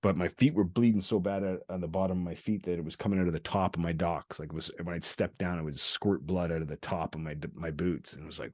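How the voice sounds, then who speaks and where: A deep, low-pitched middle-aged man from Canada rambles through a story with frequent laughter and profanity. He acts out the voices of the people he quotes. The recording is dry and close. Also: steady tone, quick pace, a little mellow, no room sound. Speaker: podcast host. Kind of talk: candid storytelling chat.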